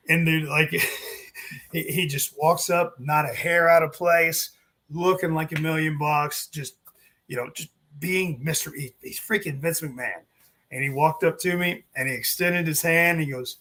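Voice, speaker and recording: A former wrestling referee tells stories in a casual interview, his voice fairly high and his pace moderate. He's animated, acting out what others said to him, complete with swearing and laughs.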